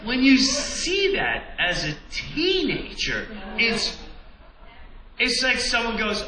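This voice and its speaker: A man in his forties from Long Island doing stand-up storytelling, animated and bursting into shouted song lines. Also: very high-pitched, takes it slowly. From Long Island, New York. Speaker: stand-up comedian. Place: large theater stage. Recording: roomy theater sound from far off over loud crowd. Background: roaring audience laughter.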